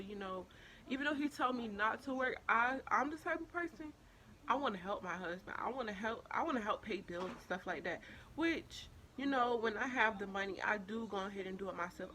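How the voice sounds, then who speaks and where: A woman's voice: mid-range voice, bright, forceful tone, slight background noise. Emotional young woman vlogging. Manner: emotional, heartfelt, thankful. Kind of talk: casual story time vlog.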